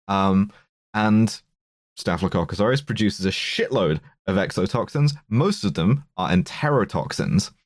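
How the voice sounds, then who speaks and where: A man's voice: deep voice, no room sound, studio quality. A man presenting slides on a casual podcast, explaining food poisoning with nerdy, jokey rambling and frequent ums.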